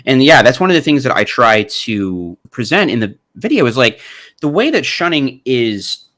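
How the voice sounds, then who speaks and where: A man's voice: medium pitch, very animated, moderate pace, fairly bright tone. A man in his thirties hosting a commentary vlog, talking casually and sarcastically, often laughing and swearing. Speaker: channel host.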